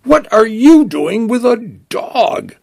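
A fussy robot delivery truck, squeaky and flustered, forever caught off guard, as a man puts it on. The voice has a husky, gravelly edge and swings widely in pitch. It sits close and dry, as in a storybook read aloud. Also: big pitch swings, slow pace, darkish tone, heavily acted. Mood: startled. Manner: startled, fussy, exclamatory. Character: flustered robot delivery vehicle, male-sounding.

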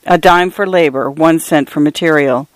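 A woman hosting a radio reading service, narrating literary short stories in a measured, scripted way on a close studio mic. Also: low voice, no echo. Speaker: radio reader and host.

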